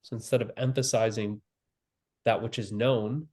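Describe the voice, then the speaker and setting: A man giving a spiritual teaching, speaking calmly and slowly with long pauses and repeated phrases. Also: on the low side. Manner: calm, slow and repetitive, with long pauses. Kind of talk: slow guided spiritual teaching.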